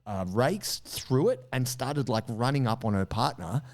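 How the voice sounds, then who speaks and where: Chatting casually on a podcast, a male co-host spins a story at an unhurried pace in a mid-range voice, animatedly performing the different voices in quotes.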